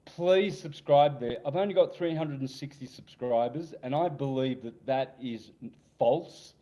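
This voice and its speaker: A man in his sixties, a podcast guest telling rambling, animated anecdotes. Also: mid-range voice, unhurried, lo-fi sound. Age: 60s. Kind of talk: casual storytelling interview.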